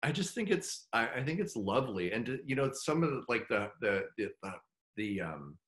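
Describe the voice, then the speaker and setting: A middle-aged man speaking as a guest in a casual interview, halting and heartfelt. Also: mid-range voice, very animated, a bit bright. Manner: halting, full of fillers and restarts; heartfelt, open about his feelings. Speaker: guest actor.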